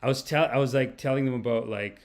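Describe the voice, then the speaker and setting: A man, a comedian hosting a podcast, telling rambling, animated stories. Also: mid-range voice, quick pace, creaky. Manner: animated, rambling, laughs mid-story. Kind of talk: casual storytelling.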